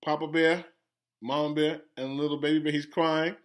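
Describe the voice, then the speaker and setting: A man, a school principal, reading a children's story aloud with animated, gasping, teacherly asides to young pupils. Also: fairly high pitch, moderate pace.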